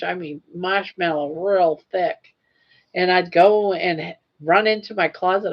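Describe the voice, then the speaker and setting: A woman's voice: lowish voice, lo-fi sound. An older woman hosting a casual livestream, telling stories in a chatty way and laughing often. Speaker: livestream host. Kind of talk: casual chat.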